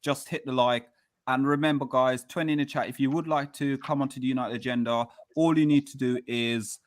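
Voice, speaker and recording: Chatty male livestream host. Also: mid-range voice. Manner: chatty, plugs the channel, steers the topics. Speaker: show host. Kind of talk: casual livestream chat.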